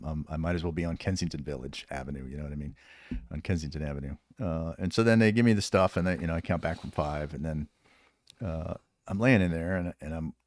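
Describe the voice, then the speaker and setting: A man's voice: rumbling low, no echo, clean studio sound. A man, a former special operations soldier, telling rambling, profane stories in a casual podcast interview, laughing often. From United States. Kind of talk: casual storytelling.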